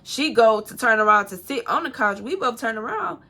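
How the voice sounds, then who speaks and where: A young woman casually telling a personal story to camera, animated and profane, acting out what people said. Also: fairly high pitch, normal speed. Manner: animated, swearing, acts out quotes in a raised voice. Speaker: storytime vlogger.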